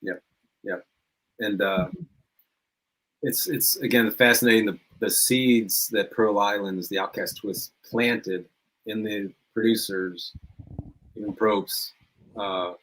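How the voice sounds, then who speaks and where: A man guesting on a podcast, telling lively anecdotes in casual chat and laughing often. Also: on the low side, slow pace, long pauses, poor audio. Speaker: podcast guest, former reality show contestant.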